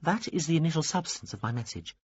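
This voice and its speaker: A fussy, pompous little alien officer, voiced by a man in a raised, stiff register. He speaks in formal bureaucratic phrases. The take is dry and husky with a dull, lo-fi sound. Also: animated, quick pace, no echo. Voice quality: high, stiff bureaucratic delivery. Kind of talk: audiobook character reading.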